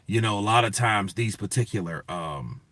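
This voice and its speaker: Bright-voiced man ranting on a show. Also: lowish voice, animated, moderate pace, no echo. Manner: profane, emphatic, talks to chat. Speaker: boxing news show host. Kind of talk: casual commentary rant.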